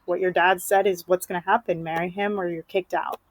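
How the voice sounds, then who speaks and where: A woman's voice: lowish voice, little pitch movement, a little fast, no echo, close to an everyday voice, low-quality recording. A woman voicing a curt middle-aged mother, in her own voice. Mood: cold.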